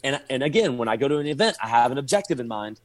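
Animated male podcast guest telling stories. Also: mid-range voice, rapid-fire. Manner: animated storyteller, acts out his own texts and inner thoughts. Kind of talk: casual podcast storytelling.

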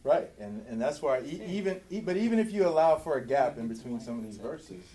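A man leading a group Bible study, animated and joking, with sarcastic asides. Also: mid-range voice, brisk, slight background noise.

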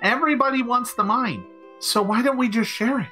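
A man voicing a small, boastful goblin king who stammers and rushes through his deals. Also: very high voice, pushed and bright, faint music behind, pitched above the performer's own voice. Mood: cheery. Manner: bluster, stammering and quick with talk of easy deals.

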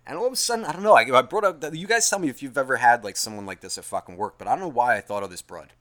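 A man's voice: mid-range voice, expressive, very fast, a bit bright. Profane, rambling man ranting. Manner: profane, rambling, self-mocking. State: tired after a long day. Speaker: podcast host. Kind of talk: casual ranting monologue.

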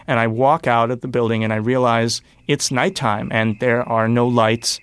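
Young man telling a lively story. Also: mid-range voice, moderate pace, clear, resonant tone, no echo. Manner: animated, breathless storytelling with sudden bursts. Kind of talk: personal story told on stage.

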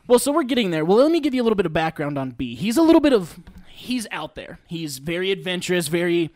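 Young male storyteller, high voice, dry close sound, animated slangy delivery. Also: quick pace, no room sound. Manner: animated, slangy, laughs while telling. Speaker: podcast storyteller. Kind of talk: casual story told to friends.

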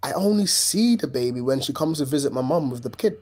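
A man's voice: mid-range voice, lively intonation, a little fast, darkish tone. A man with a London accent, co-hosting a casual podcast chat and talking in an emphatic way that repeats his points. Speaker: podcast co-host.

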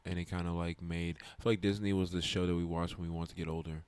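A young man in casual chat, rambling and animated, swearing now and then. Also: low-pitched, fast talker, clean tone, dry recording.

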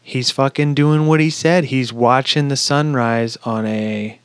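A man in the middle of his range, talking fast and loose, full of swearing and bursts of excitement as he retells scenes. The sound is dry and close, with no room around it. He sounds like a podcast co-host in casual chat. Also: mid-range voice, clear, resonant tone, dry recording. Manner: excitable, heavy swearing, lively storytelling. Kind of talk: casual movie review chat.

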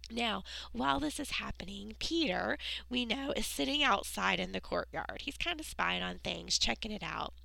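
A woman giving a Bible lesson to children, reading the story slowly and earnestly and dropping into whispers for emphasis. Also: mid-range voice, expressive, creaky, sharp tone, no room sound, poor audio. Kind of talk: Bible lesson read aloud to kids.

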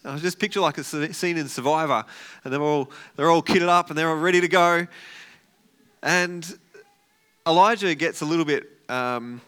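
A man's voice: fairly high pitch, normal speed, clean tone. A man preaching a casual, storytelling sermon as a pastor, acting out the characters' lines with energy. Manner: conversational, animated storytelling with acted-out quotes.

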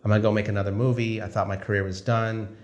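A man's voice: fairly low pitch, highs cut off. A male film director telling a story casually, acting out the conversations he quotes. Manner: animated, acts out dialogue in quick quoted exchanges.

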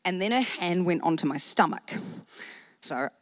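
A woman pastor in her thirties with a New Zealand accent, telling a personal faith story in a sermon, animated, acting out what people said. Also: on the low side, normal speed, no echo. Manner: animated storytelling with acted-out quotes.

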